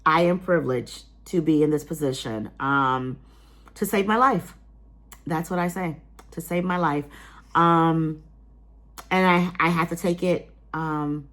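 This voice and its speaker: A woman's voice: low-pitched, unhurried, a bit bright. A woman vlogging casually to her viewers, earnest and emotional, rambling with many fillers and restarts. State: emotional, near tears. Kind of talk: casual vlog talk to viewers.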